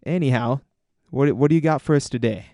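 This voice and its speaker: A man's voice: medium pitch, a little fast, dark tone, no room sound. A young man co-hosting a casual podcast chat, teasing in a dry, wry way. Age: young adult. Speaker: podcast co-host.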